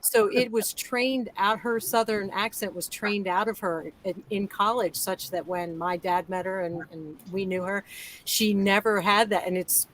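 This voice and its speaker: A woman's voice: medium pitch, fairly even intonation, a little slow, a bit bright, a little hiss or hum, rough recording. A woman sharing a personal memory in a reflective, rambling way on a group video call. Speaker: guest.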